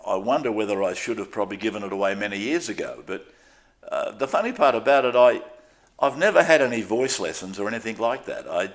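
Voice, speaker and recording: Older Australian man, low candid voice. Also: lively intonation, fast talker. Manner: candid, self-deprecating, with frequent restarts. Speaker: interviewee, sports commentator. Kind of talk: relaxed interview storytelling.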